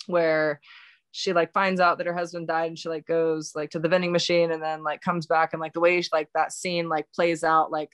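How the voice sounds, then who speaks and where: A woman telling a painful personal story as a podcast guest, halting and full of fillers and restarts, still in shock. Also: low-pitched, flat delivery, clean tone, dry recording. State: recounting shock and grief. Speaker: birth worker.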